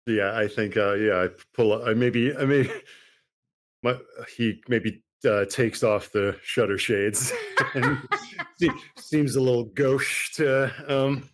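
A man's voice: mid-range voice, takes it slowly. A man playing a tabletop game, laid-back, chuckling and thinking aloud. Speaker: player. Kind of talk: casual chat in a tabletop game.

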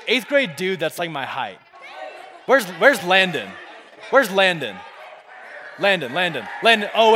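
A man's voice: a little high, bright, forceful tone. A young man preaching a casual youth sermon as pastor, often asking the crowd to repeat words after him. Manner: casual, repetitive, call-and-response with the crowd. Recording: long reverb of a big room.

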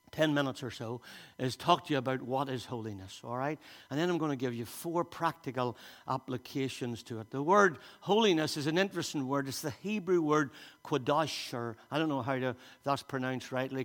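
Preaching in a church at a fairly quick pace, a pastor with a medium-pitched, fairly bright voice reads scripture aloud and speaks emphatically. He frequently repeats and restarts his words, and a long church-hall reverb fills the recording.

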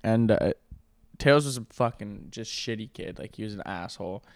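A man in his twenties co-hosting a podcast, telling profane, joking anecdotes and mimicking people in quick asides. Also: fairly low pitch, dry recording, studio quality. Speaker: podcast co-host. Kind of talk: casual podcast banter.

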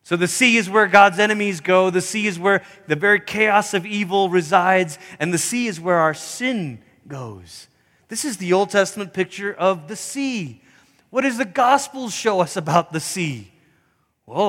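A male pastor preaching a sermon in a church, animated, acting out voices and singing snatches of songs. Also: high voice. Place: church sanctuary. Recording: long hall reverb.

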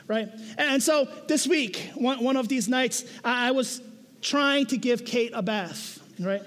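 High-voiced preacher man in an echoey hall. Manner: conversational, keeps asking "right?"; animated storytelling with self-mocking humor. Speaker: pastor. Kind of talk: sermon.

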